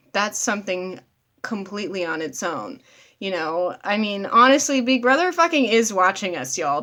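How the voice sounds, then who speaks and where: A woman's voice: mid-range voice, fairly bright tone. Lady vlogging, blunt, cusses a lot, says y'all, medium voice. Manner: blunt, swears freely, addresses viewers as y'all. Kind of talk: casual talk to camera.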